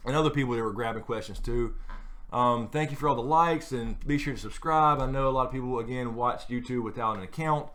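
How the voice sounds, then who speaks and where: A man's voice: mid-range voice, brisk, a bit bright. A man hosting a late-night live stream, chatting casually and rambling with many fillers and restarts.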